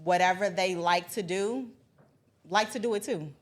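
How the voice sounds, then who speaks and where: A woman on a panel, speaking in a relaxed, affirming way. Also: fairly low pitch, moderate pace.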